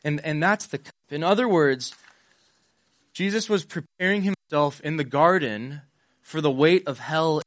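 A man's voice: a little high, unhurried, a bit bright, no room sound, studio quality. A young man giving a casual sermon, retelling Bible scenes in modern slang and playing the parts.

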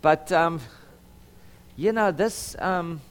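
A middle-aged man from Southern California delivers Bible teaching in a sermon style. His voice sits a little high for a man, and he talks earnestly, stumbling over repeated words and pausing on ums as he works through his points. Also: smooth. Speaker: lawyer teaching a Bible class.

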